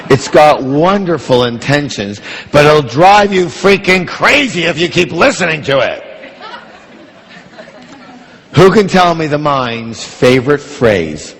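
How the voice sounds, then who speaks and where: A man leads a motivational seminar before a large audience, pitched slightly high for a man. He keeps the room engaged with repeated call-and-response questions. His voice carries a long hall reverb. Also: big pitch swings, measured pace, hardly any pauses, fairly bright tone, breathy edge. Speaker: motivational speaker.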